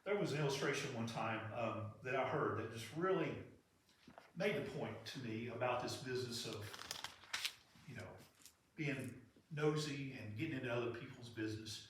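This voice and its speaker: A man's voice: medium pitch, moderate pace, slight background noise. A man preaching a sermon in a church in an earnest, conversational way. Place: church sanctuary. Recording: echoey hall from far off.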